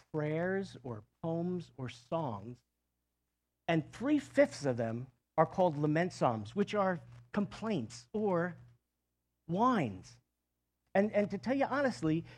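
A man preaching a Bible-study sermon, reading a psalm aloud and then explaining it in a conversational, animated way, often restarting his phrases. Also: high-pitched, husky. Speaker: pastor.

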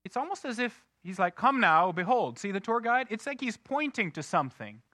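A married man preaching a sermon, swinging from loud outbursts to hushed, slow emphasis. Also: extremely high pitch, sing-song, no echo, clean studio sound. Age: adult, married. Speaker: pastor.

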